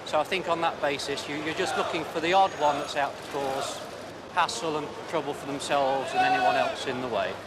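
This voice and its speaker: Man in loud street noise. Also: on the high side, steady tone. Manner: measured, explaining, repeats "obviously". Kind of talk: interview answer.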